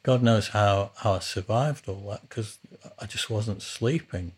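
A man's voice: lowish voice, a little slow, darkish tone, breathy edge. A man hosting a podcast, telling rambling, casual stories about his early life as a musician. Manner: rambling, with frequent restarts. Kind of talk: casual storytelling.

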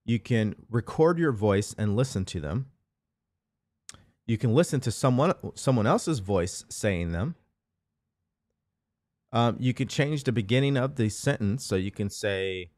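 A man's voice: medium pitch, expressive, measured pace, darkish tone, no room sound, studio quality. A man hosting a motivational live show, talking earnestly and repeating phrases as he coaches listeners. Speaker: host.

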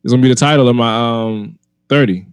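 A man's voice: mid-range voice, quick pace, clear, resonant tone, no room sound. Emphatic man in dry-sounding chat. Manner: emphatic, repeats himself as he argues. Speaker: comedian. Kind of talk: casual podcast chat.

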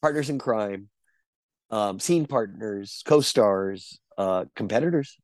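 Low-voiced man telling rambling stories. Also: slow pace, darkish tone, dry recording. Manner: rambling anecdotes with fillers and restarts. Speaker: actor guest. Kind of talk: casual interview chat.

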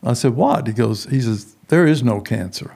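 Gravelly-voiced man telling a story. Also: medium pitch, moderate pace. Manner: animated storyteller acting out quoted voices. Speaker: prison ministry founder, guest. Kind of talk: storytelling in an interview.

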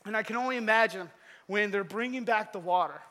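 A man giving a casual storytelling sermon, animated and slangy. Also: high-pitched, a little fast. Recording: long hall reverb.

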